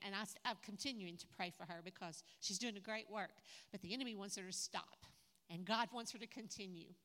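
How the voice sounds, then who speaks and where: An older woman preaching a sermon at a conference in a church hall, lively and humorous, talking straight to the audience. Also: mid-range voice. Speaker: conference speaker. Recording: echoey hall.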